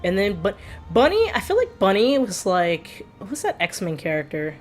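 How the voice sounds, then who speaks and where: A woman's voice: medium pitch, wildly swooping pitch, normal speed, faint music behind. A woman streamer rambling casually while playing a video game, laughing often as she talks. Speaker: let's play streamer. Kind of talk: casual gameplay commentary.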